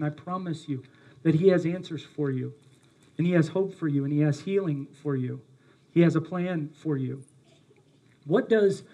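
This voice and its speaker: Pastor guy preaching, emphatic, talks straight to his people, mellow tone. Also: high voice, slightly rough. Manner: earnest and emphatic, addresses the congregation directly. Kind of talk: sermon.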